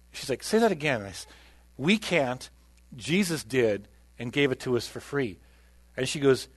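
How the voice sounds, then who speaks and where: Man, middle-aged, pastor, sermon storytelling, conversational, hushed at times, dry close sound. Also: mid-range voice, no room sound. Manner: conversational, drops to a hushed voice for quoted moments.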